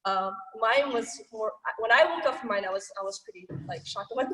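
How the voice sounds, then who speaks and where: A woman's voice: a little high, animated, fast talker, few pauses. Woman, martial arts instructor, chatty, filler-heavy, echoey room, far from mic. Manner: chatty, full of fillers, acts out quotes. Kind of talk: online class instruction. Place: gym, over a video call.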